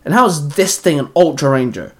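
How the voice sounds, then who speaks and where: A man's voice: on the high side, expressive, normal speed, lightly acted. A man voicing an angry, resentful male ranger who barks and snaps at the others. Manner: snappish, barking.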